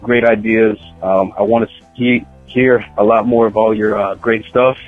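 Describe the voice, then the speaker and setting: A man's voice: fairly low pitch, little pitch movement, normal speed, no echo, phone-quality sound, soft background music. A man leaving a hesitant, rambling voicemail for a podcast host. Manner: hesitant, many ums and uhs. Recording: husky phone voicemail.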